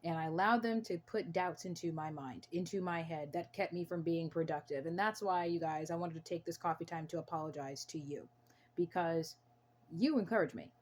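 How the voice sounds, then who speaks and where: A young American woman speaks to camera in an earnest, emphatic way, often saying the same phrase twice for weight. Her voice sits low. A faint background hum runs under the talk. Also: a little fast. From United States. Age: young adult. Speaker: channel host.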